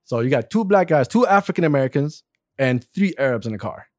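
A man in his forties from Saudi Arabia telling a story in casual chat, animated, laughing often and swearing freely. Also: mid-range voice, fairly quick, no room sound, studio quality. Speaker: guest.

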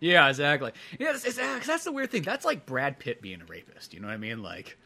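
A man's voice: mid-range voice, huge pitch swings, fast talker, sharp tone. A man co-hosting a podcast in casual chat, rambling, swearing often and laughing a lot. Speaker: podcast co-host.

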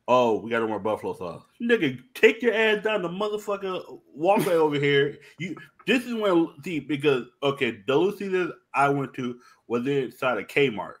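A podcast co-host tells rowdy stories in loose, casual chat. His pitch swings up and down constantly as he acts out quoted lines. He swears freely and talks animatedly throughout. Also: normal speed. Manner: animated, profane storytelling with quoted asides.

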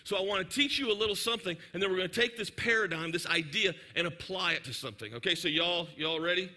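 Animated, bright-voiced preacher. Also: male voice, sits high, fast. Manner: animated, joking, talks directly to the audience. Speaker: pastor. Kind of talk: sermon storytelling.

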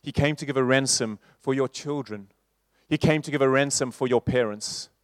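A man preaching a sermon in a church, moving from loud repeated refrains to soft, slow passages. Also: medium pitch, no echo, studio quality. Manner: rhetorical, building to loud repeated refrains then dropping soft.

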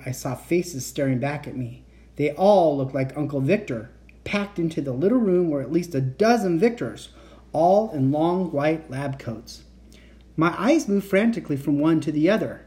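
A man's voice: on the high side, mellow. A man reading a children's book aloud, narrating the story expressively and acting out the dialogue. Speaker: reader of children's books.

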